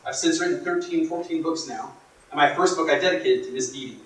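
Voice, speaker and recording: A man giving a motivational workshop talk, telling stories in a dramatic, emphatic way that swings from hushed to loud. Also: fairly high pitch, fast talker, a little hiss or hum. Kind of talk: storytelling speech to a live audience. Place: workshop room. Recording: echoey room from far off.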